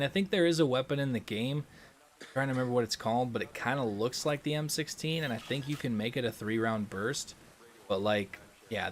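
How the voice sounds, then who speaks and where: Young man, gaming livestream host, relaxed rambling chat, mid-pitched voice, faint background hum. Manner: relaxed, rambling, frequent ums and restarts. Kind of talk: casual livestream chat reading super chats.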